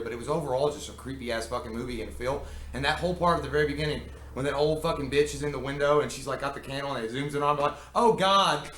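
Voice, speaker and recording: A man co-hosting a casual movie review, animated and swearing a lot, acting out moments as he talks. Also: mid-range voice. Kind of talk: casual profane chat. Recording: echoey room with faint noise.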